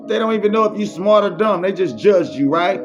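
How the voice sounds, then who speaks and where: Music plays behind this man's high, expressive voice as he talks a little fast. The muffled, lo-fi clip features him as a motivational speaker preaching a faith-based message, heavy on repetition and street slang.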